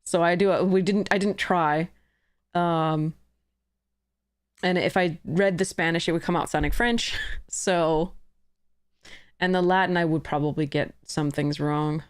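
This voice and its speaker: A woman's voice: fairly low pitch, steady tone, unhurried, pauses often, clean tone, dry recording, clean studio sound. A woman streamer chatting casually as she plays a card game, laughing often and correcting herself. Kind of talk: casual commentary while playing a card game.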